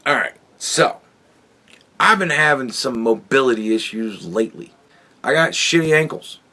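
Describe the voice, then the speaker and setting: A man's voice: medium pitch, expressive, normal speed, pushed and bright. Guy on his podcast ranting, swears a lot, rambly storytelling, regular voice. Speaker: podcast host. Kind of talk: casual monologue.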